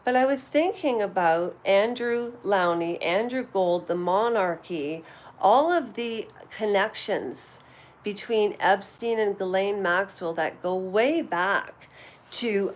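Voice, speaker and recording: A woman's voice: medium pitch, slow. A woman from Canada, hosting a casual live chat from home and rambling through asides and fillers. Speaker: livestream host. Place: at home while cleaning.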